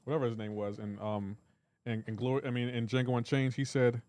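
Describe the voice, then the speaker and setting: A man's voice: mid-range voice, flat delivery, brisk, a little mellow, dry recording. Man, live streamer, casual joking chat, reads out chat messages, dry close mic.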